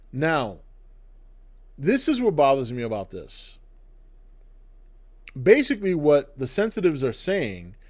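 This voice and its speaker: A man's voice: medium pitch, darkish tone. Blunt ranting middle-aged man. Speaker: channel host. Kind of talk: opinionated video commentary. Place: indoors, to camera.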